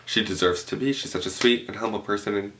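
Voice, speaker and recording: A young man from Canada tells a storytime vlog at home, chatty and animated, swearing freely and stuffing his sentences with fillers. His voice sits fairly low and has a gravelly fry running through it. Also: quick pace. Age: young adult. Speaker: vlogger. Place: room at home, tablecloth backdrop.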